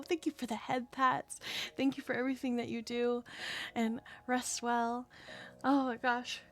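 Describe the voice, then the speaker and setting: A woman livestreamer chatting casually with her viewers, excitable and chatty, swearing often. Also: sits high, unhurried. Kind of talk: casual live-stream chat.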